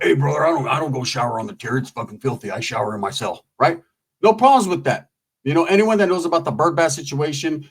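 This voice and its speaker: Casting: man, slightly raised pitch, husky tone, profane rambling storyteller. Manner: rambling, profane, with frequent asides and laughs.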